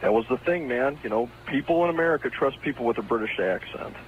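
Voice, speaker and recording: A man's voice: mid-range voice, animated, fast. A man calling in to a radio show, chatty and rambling. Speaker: caller. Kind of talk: phone-in chat. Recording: dull lo-fi radio aircheck with faint hiss.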